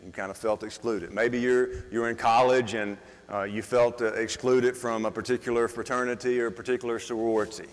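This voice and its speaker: A male pastor preaches to his congregation, moving from quiet, reflective passages into emphatic, rising stretches. He puts questions to the room and often restarts his words. His mid-pitched voice rings out with the long reverb of a church hall. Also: fairly even intonation, fairly quick. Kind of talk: sermon.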